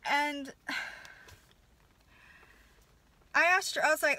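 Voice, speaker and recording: A woman's voice: high-pitched, extremely slow, pauses often, pushed and bright, no room sound. A mother ranting in a furious, profane casual rant, with stumbling restarts. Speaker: vlogger, mother.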